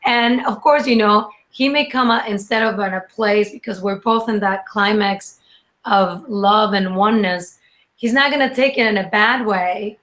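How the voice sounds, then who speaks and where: A woman chatting on a podcast as a guest, rambling and halting, with many restarts and fillers. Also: medium pitch, fairly bright tone. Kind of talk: casual chat.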